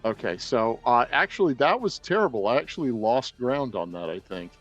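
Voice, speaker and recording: A man's voice: medium pitch, sing-song, moderate pace, fairly bright tone, lo-fi sound, faint music behind. A man playing a tabletop game, speaking hesitantly with many restarts. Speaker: player.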